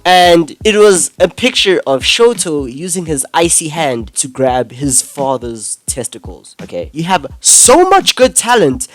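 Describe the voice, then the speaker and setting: A man's voice: high voice, a bit bright, no echo, studio quality. A young man giving an angry, exasperated, swearing commentary rant. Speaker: commentary YouTuber. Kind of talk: ranting video commentary.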